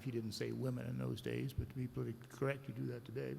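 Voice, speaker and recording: A man's voice: medium pitch, level tone, fast, vocal fry, few pauses, a little mellow, slightly rough. A man, an agricultural lawyer, giving a blunt, combative, sardonic conference speech to a room of listeners. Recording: reverberant conference hall.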